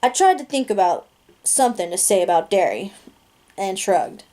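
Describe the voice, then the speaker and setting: A woman reading a novel aloud, her narration steady, plain and unhurried. She keeps an even storybook tone and stumbles over the odd word now and then. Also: mid-range voice. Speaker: reader.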